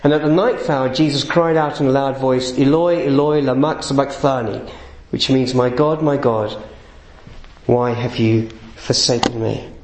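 Gravelly guy preaching, earnest, gets emphatic, echoey hall sound. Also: medium pitch, fairly even intonation, normal speed, a little mellow, a little hiss or hum. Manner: earnest, builds to emphatic peaks. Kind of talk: sermon.

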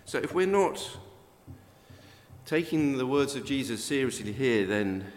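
A man's voice: medium pitch, lively intonation, a little slow. An older man preaching a sermon in a conversational way, with sudden emphatic rises. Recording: long reverb of a church hall.

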